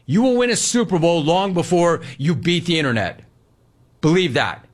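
A man's voice: on the high side, sing-song, normal speed. A man hosting sports talk radio, delivering an emphatic monologue and repeating lines for punch, into a studio microphone.

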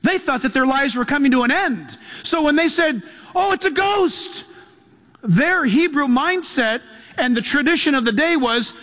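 A man's voice: very high-pitched, lively intonation, moderate pace, sharp tone. A man preaching a sermon as pastor, reading scripture aloud and driving his points home with emphasis. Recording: long hall reverb.

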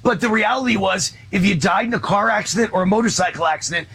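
A man's voice: sits high, fast, gravelly, a bit bright, slight background noise, poor audio. A male talk show host speaking bluntly and emphatically, raising his voice to stress a point. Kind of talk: conversational interview.

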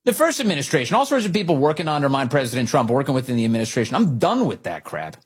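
A man hosting a radio talk show, giving animated, opinionated, sarcastic commentary with a raspy voice. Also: mid-range voice, very fast.

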